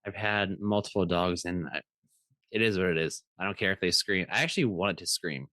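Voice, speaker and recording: Man, low voice, dry close sound, casual podcast storytelling, rambling with restarts. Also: fairly quick, bright, forceful tone, no room sound. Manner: rambling, with many restarts and fillers; acts out other people's voices in his stories. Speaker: podcast co-host.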